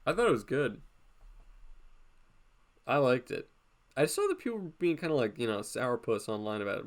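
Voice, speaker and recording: A man's voice: mid-range voice, big pitch swings, moderate pace, pauses often. A man hosting a drawing live stream, talking casually and playfully as he draws, often laughing.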